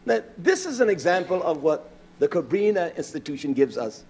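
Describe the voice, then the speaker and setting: A man preaching an impassioned sermon, swinging between low muttering and loud outbursts. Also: very animated, moderate pace, breathy edge. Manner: acts out bickering voices in his stories. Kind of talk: fiery sermon.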